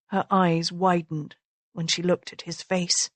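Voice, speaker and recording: A woman narrating a romance audiobook in a measured, even storytelling manner. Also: on the low side, no room sound. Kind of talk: scripted narration.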